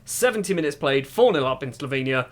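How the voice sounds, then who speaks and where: A man's voice: mid-range voice, expressive, a little fast. A man commentating a football management video game, calling the action play-by-play and musing aloud to his viewers. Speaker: gaming YouTuber.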